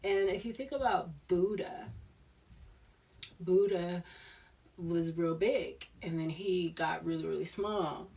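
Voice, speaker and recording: Woman tarot reader, unhurried rambling chat, mid pitch, voice set back from the mic. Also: creaky, darkish tone, distant mic. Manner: rambling, laughs often, with restarts. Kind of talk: casual spiritual chat.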